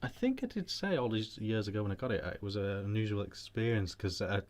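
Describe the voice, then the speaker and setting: A British man hosts a relaxed chat show, his voice sitting a little low. He tells long, rambling anecdotes, restarting his sentences as he goes. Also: fast talker. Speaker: vape show host. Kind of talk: casual chat.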